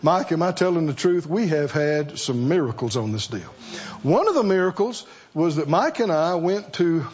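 Male preacher, call-and-response sermon, high voice, slow delivery, muffled lo-fi sound. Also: a little mellow, husky. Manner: call-and-response, rhetorical questions to the congregation.

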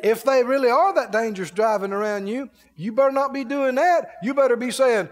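A man preaching a sermon in an animated way, acting out grumbling people for his congregation. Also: very high voice, fairly quick, few pauses, in a large hall.

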